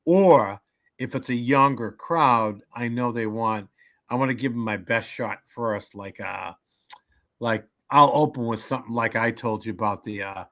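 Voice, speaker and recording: This unhurried, medium-pitched speaker is a comedian in his seventies, guesting on a relaxed interview. His joke-telling is animated, and he slips into different voices as he goes.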